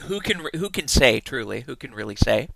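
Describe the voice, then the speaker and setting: A man's voice: medium pitch, very animated, fairly quick, gravelly, fairly bright tone, dry recording. A man streaming live in casual chat, giggling often and rambling in playful asides with many restarts.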